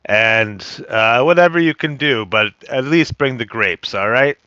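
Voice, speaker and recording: A man's voice: mid-range voice, unhurried, bright, forceful tone, clear, resonant tone, dry recording. A man playing his character at a tabletop game, in a playfully haughty tone. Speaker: player. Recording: muffled lo-fi mic.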